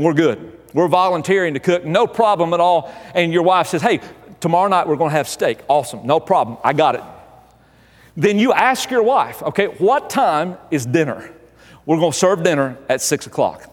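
Male pastor with a high voice, comic sermon, emphatic and animated, long hall reverb. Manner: animated, emphatic, building to exasperated outbursts. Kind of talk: humorous sermon storytelling.

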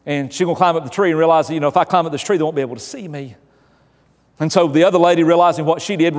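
A man preaching a sermon in a slightly high voice, building his point through repeated questions and a told story. The sound rings with a long hall reverb. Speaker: pastor.

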